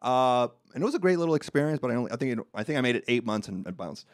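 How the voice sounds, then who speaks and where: A man's voice: medium pitch, very fast, no room sound, clean studio sound. A young man hosting a casual comedy podcast, telling stories and laughing often. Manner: joking, animated storytelling, laughs often. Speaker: podcast host.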